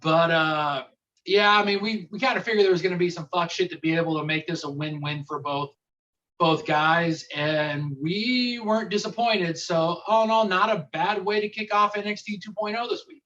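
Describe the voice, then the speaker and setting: A man co-hosting a wrestling podcast, recapping a match in relaxed, profane chat. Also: high voice, moderate pace, far from the mic, dull audio. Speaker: podcast co-host. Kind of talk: casual wrestling banter.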